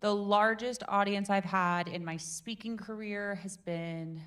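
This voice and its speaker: A woman in her twenties hosting a public speaking meetup, telling stories to a live group in a theatrical, animated way. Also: unhurried, clean tone. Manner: animated, theatrical storyteller with big swings in pitch and volume. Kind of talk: lively workshop talk to a live group.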